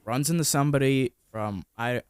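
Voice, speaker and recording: A man's voice: medium pitch, normal speed, clear, resonant tone, no echo. A young adult man co-hosting a podcast, chatting casually with teasing interjections. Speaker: podcast co-host. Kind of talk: casual chat.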